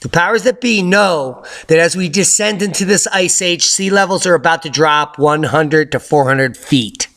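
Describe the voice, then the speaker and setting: A man hosting a news update, giving casual commentary over clips in an excitable, sarcastic way with sudden loud outbursts. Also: fairly high pitch, normal speed, hardly any pauses. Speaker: host of a news update channel.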